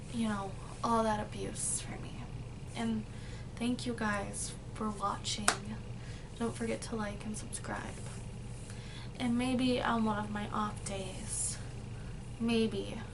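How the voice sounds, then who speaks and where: A young woman speaking earnestly in a personal confessional vlog, halting and restarting as she talks. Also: fairly high pitch, little pitch movement, creaky. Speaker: vlogger. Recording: noticeable background noise.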